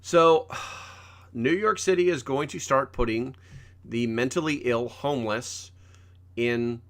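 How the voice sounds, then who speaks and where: A man's voice: mid-range voice, takes it slowly. Rambling male livestream host. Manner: rambling, casual, swears freely. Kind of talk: casual live-stream chat. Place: home desk.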